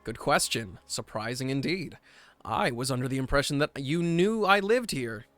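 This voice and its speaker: A calm, aloof young scholar answers in a flat, matter-of-fact way, as a man reads him out. His voice is smooth and clear with a bright edge. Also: medium pitch, moderate pace, dry recording, lightly acted. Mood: deadpan.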